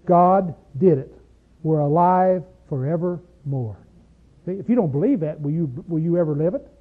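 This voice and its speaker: A man preaching a sermon, asking his listeners questions and swinging between loud stretches and hushed ones. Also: fairly high pitch, lively intonation, moderate pace. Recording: tinny phone-like sound.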